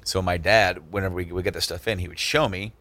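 Guy telling a story on a podcast, kinda low voice, does all the voices. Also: quick pace. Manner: animated, acts out the people in his stories. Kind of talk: casual storytelling chat.

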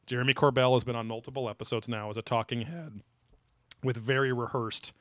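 A man's voice: mid-range voice, fairly even intonation, fairly quick, no room sound, studio quality. A man co-hosting a podcast, rambling in casual chat with many fillers and loose asides. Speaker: podcast co-host.

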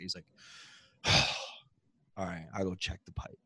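A man's voice: low voice, little pitch movement, normal speed, pauses often, sharp tone, dry recording. A young man co-hosting a podcast, telling a long road-trip story in casual, profane chat and acting out the people in it. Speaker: podcast co-host.

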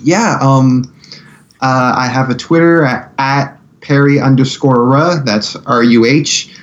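A man's voice: medium pitch, fairly even intonation, slow pace, muffled recording. A man who is a guest on a podcast, telling stories in a rambling way with lots of fillers. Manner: rambling, filler-heavy storytelling. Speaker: guest filmmaker. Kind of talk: casual podcast chat.

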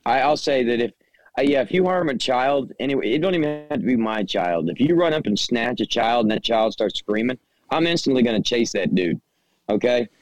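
A man's voice: mid-range voice, lively intonation, a little fast, no room sound, rough recording. Blunt, stammering man on a podcast. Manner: blunt, profane, heated opinions with stammered restarts. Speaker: podcast co-host. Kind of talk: casual podcast chat.

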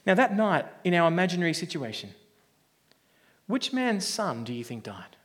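A man's voice: high voice, sing-song, moderate pace, a bit bright. A man preaching a sermon in a conversational style, joking with the congregation.

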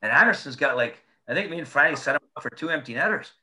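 A man tells hockey stories in a loose, animated way, swearing and laughing. His voice sits a little high and has a bright, forceful edge. He speaks in a relaxed, casual chat. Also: fast talker. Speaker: former hockey player guest.

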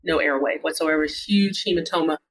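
Surgeon guest, casual storyteller, mid-pitched, lively retelling with voiced quotes. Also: fairly quick, rough recording. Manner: animated, acts out quoted dialogue in the telling. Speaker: surgeon and author, podcast guest.

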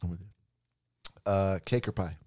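A man's voice: low voice, normal speed, a little mellow. Man running a teasing lightning round. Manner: teasing, swears freely, laughs often. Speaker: host asking lightning-round questions. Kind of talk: casual banter among friends.

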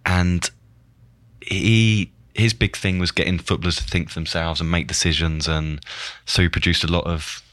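Homme anglais, la quarantaine, voix grave, ton réfléchi, invité de podcast, son sec. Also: male voice, deep voice, fairly even intonation, fairly bright tone, no echo. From England. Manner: reflective, halting with repeated words. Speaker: podcast guest, football coach and former player. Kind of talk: casual chat.

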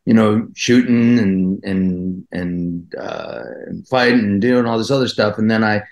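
A man in his fifties from New Jersey, a guest actor telling stories in a casual podcast interview, rambling and halting as he goes. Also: lowish voice, darkish tone, muffled recording. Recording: roomy echo.

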